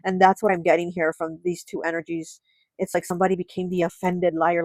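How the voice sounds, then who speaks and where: A woman's voice: fairly low pitch, level tone, a little fast, a little mellow, no echo, rough recording. Musing woman reading tarot cards. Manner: musing aloud, frequent surprised exclamations. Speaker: tarot reader. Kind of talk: pick-a-card tarot reading to camera.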